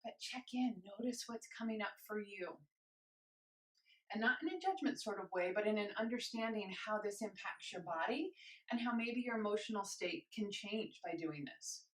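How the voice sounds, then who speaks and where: A young woman leading a guided movement class, encouraging and gentle, a little out of breath as she moves. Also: medium pitch, moderate pace. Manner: encouraging, gentle, invites choices. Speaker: movement instructor. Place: home room with carpet.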